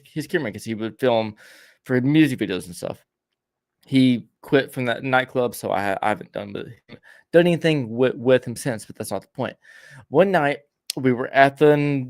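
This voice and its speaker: A man's voice: medium pitch, normal speed, a little mellow, no echo. Young man, podcast host, stammering rambler, casual chat, dry close sound. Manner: rambling storyteller, stammers and repeats words.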